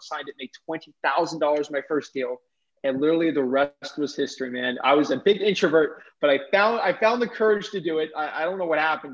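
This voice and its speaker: Animated young man telling his story. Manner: animated, acts out quotes with big pitch jumps. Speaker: guest entrepreneur. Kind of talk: casual storytelling. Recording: dull lo-fi audio.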